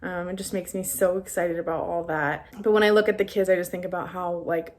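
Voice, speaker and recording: A woman's voice: fairly low pitch, fairly even intonation, a little fast. Chatty young woman vlogging. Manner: chatty, many fillers. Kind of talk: casual talk to camera.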